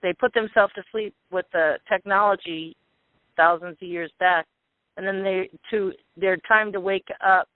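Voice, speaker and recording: High-voiced male host over a phone line. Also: steady tone, normal speed, no echo. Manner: chatty, plugging upcoming shows. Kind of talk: casual call-in show talk. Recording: dry tinny phone line.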